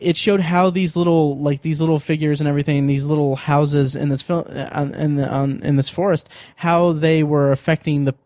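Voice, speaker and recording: Excitable rambling podcast host, a man. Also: fairly high pitch, dry recording. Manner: rambling, excitable, many fillers and restarts. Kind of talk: casual chat.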